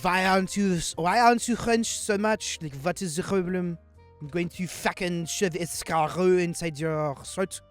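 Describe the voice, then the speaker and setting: A man's voice: sits high, moderate pace. A man with a slightly raised voice co-hosting a casual game playthrough. He jokes, curses freely and loses his train of thought mid-sentence. Faint music sits behind him. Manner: swearing, joking, trailing off mid-sentence. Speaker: gaming channel co-host. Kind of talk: casual let's play chat.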